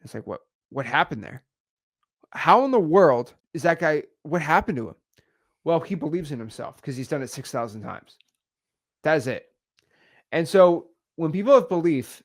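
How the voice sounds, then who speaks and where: A man coaching on real estate wholesaling, energetic and repetitive, acting out example calls. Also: a little high, normal speed. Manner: energetic, repeats words, acts out examples. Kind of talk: teaching talk on video.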